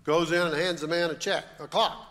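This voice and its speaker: A man's voice: fairly high pitch, fairly even intonation, a little fast, fairly bright tone, long reverb tail. A man telling jokes in a matter-of-fact storytelling way on a live radio comedy show.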